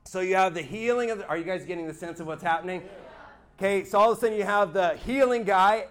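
A man sharing his church testimony with a small group, earnest and animated, often checking in with his listeners. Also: sits high, fast talker. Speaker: speaker giving his testimony.

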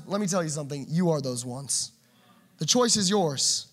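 A man preaching a passionate sermon, swinging between loud urging and quiet asides. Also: fairly high pitch, lively intonation, moderate pace.

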